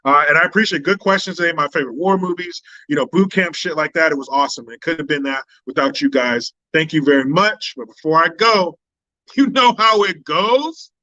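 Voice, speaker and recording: A man's voice: on the high side, a little fast, bright, forceful tone, no echo, muffled recording. A man hosting a political commentary live stream, talking in a blunt, profane, combative way.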